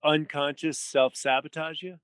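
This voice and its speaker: A man's voice: on the high side, steady tone, measured pace, a bit bright, clean tone, dry recording. A man appearing as a podcast guest, talking emphatically and rattling off lists of figures in casual conversation. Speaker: podcast guest, health author.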